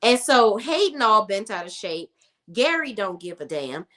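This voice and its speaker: A woman's voice: mid-range voice, sing-song, a little slow, a bit bright. A young woman recapping a TV episode in a casual, sassy, emphatic way, repeating words for emphasis. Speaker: TV show reviewer.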